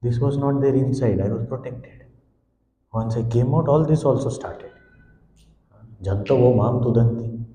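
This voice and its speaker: A man giving a devotional discourse, with a dark, mellow voice. He tells stories expressively and sometimes speaks as a helpless infant. The recording has a long, echoey hall reverb. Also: mid-range voice, measured pace, long pauses, a little hiss or hum. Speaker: swami giving a spiritual discourse. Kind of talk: devotional discourse explaining a hymn.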